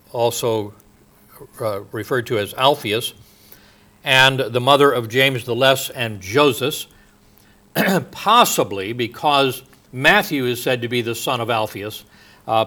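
A man preaching a sermon in a slow, halting way, with many pauses and fillers, his voice dropping soft at the ends of phrases. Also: medium pitch.

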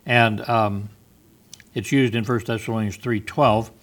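A man's voice: lowish voice, fairly even intonation, a little slow. A man teaching a Bible study. He explains word meanings, repeats phrases, and often restarts with ums.

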